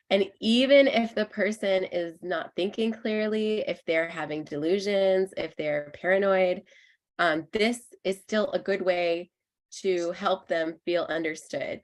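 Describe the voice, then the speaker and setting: A woman in her thirties leads an online workshop, explaining each idea patiently and warmly. Her voice sits low, and she fills pauses with soft ums as she speaks over a video call. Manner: friendly, explanatory, frequent ums. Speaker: clinical psychologist presenting a workshop.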